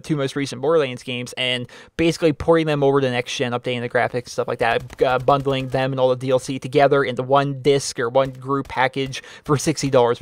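Fast talking guy w/ slightly high voice rambling thru viewer questions, dry sound. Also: no room sound. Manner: rambling, repeats himself, animated emphasis. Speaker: host answering viewer letters. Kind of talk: casual spoken commentary.

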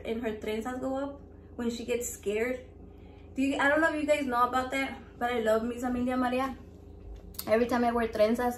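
The clip captures a woman's casual vlog chat as she runs a raffle, her slightly high voice loud, profane and playful while alternating between English and Spanish. There's faint background noise and an echoey room sound.

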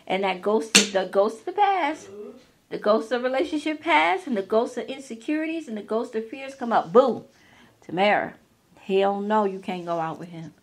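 Woman author doing a motivational talk, gravelly, chatty, slangy and animated. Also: fairly high pitch, moderate pace. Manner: animated, conversational, with slang and playful asides.

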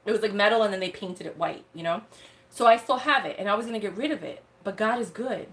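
Young woman, livestream host, casual slangy chat, animated storytelling, medium pitch. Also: fast. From United States. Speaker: live sale host.

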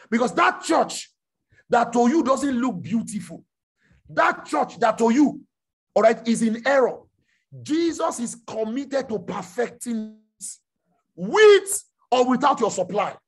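A male preacher delivers a sermon with a lively, swooping pitch that climbs sharply when he drives a point home. His voice is slightly husky, and he keeps repeating phrases and checking that the listeners understand. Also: unhurried. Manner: rhetorical questions, repeating phrases, rising to shouts.

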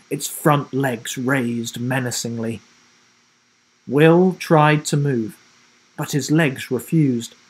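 Slow, husky man reading a story aloud. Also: low-quality recording. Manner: dramatic, dropping low and soft for suspense; self-corrects and rereads slips. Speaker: storybook reader. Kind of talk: children's story read-aloud.

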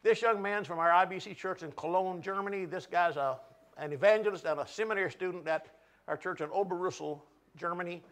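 Male pastor, high-pitched voice, emotional sermon storytelling that acts out the dialogue. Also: brisk, fairly bright tone. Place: church sanctuary.

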